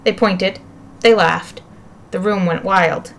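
A woman narrating a children's novel aloud with lively, expressive storytelling. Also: medium pitch, slow. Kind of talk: audiobook reading of a children's novel.

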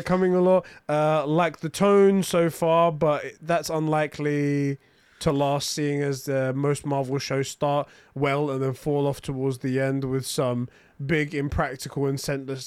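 A man's voice: mid-range voice, smooth, no room sound. A British man co-hosting a podcast, joking around animatedly and swearing for emphasis while reading comments. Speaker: podcast co-host. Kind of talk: casual chat, reading viewer comments.

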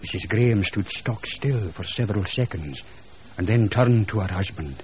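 A man's voice: fairly low pitch, normal speed, a little mellow, slight background noise. A man narrating a ghost story in a dramatic, scripted storytelling style, heard on a dull lo-fi 1980s radio recording.

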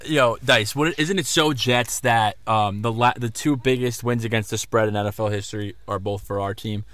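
A man co-hosting a sports podcast, earnest and quick with short replies. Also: lowish voice, fairly even intonation, a bit bright, no echo. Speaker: podcast co-host. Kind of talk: casual sports talk.

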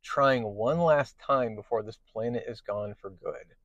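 A man's voice: medium pitch, unhurried, fairly bright tone, no room sound, highs cut off, natural voice. Superman, earnest hero read by a man. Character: earnest, hopeful male superhero.

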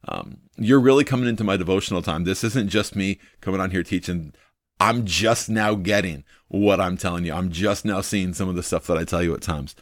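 A man's voice: deep voice, dry recording, studio quality. A man hosting a devotional video, teaching from the Bible in an earnest, thinking-aloud way, full of ums and repeating his main points.

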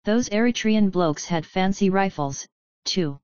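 A woman voicing a young man, a wizard twin with wry, deadpan banter. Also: high voice, unhurried, clear, resonant tone, dry recording, highs cut off.

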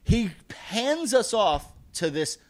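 A man telling a story with a lot of swearing, his pitch jumping high and low as he gets into it. His voice sits a bit high for a man. The recording is dry and close. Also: takes it slowly, dry recording. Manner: profane, animated, laughs while telling. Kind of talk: casual chat, telling a funny anecdote.

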